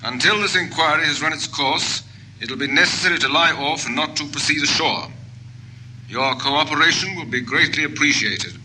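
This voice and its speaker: A man's voice: fairly high pitch, bright, forceful tone, a little hiss or hum, rough recording. An actor playing a courteous male ship captain making a formal announcement in an old radio drama. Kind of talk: 1950s radio drama acting.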